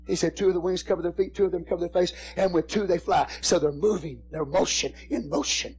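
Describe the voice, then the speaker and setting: Husky-voiced pastor preaching with fervor. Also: male voice, high-pitched, fast talker. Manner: swings from hushed whispers to shouted crescendos; repeats phrases for emphasis. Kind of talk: sermon.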